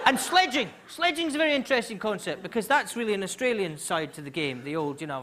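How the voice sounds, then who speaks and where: A high-pitched man telling a stand-up story on a big theatre stage. He laughs along as he tells it and keeps the delivery lively. Clear crowd noise and laughter sit behind him. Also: moderate pace. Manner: animated, laughing through the story. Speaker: stand-up comedian. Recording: live theatre with audience laughter.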